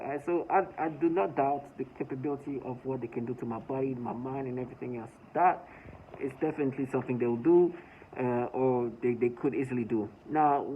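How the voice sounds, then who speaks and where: A man talks in an earnest, urgent way, stumbling and circling back over his own words. His voice sits fairly high for a man. The sound is thin and phone-like, with a faint hiss underneath. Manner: halting, repeats words and restarts often. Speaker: vlogger. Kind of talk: personal video monologue. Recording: tinny phone-like audio with faint noise.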